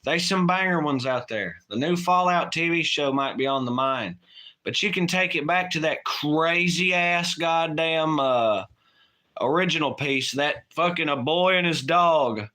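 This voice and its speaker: A man's voice: a little high, measured pace, sharp tone. A man co-hosting a late-night livestream, chatting casually in a rambling, profane way and laughing often. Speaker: livestream co-host.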